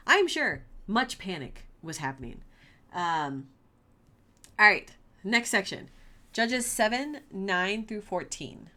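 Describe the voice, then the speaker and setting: A woman hosting a casual Bible podcast, reading passages aloud and then retelling them with playful, animated asides. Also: fairly low pitch, unhurried.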